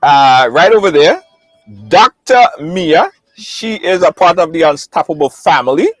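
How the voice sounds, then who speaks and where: A man hosting a live online talk show, lively and repetitive, greeting viewers by name. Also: on the high side, moderate pace, no echo, soft background music, poor audio. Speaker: host.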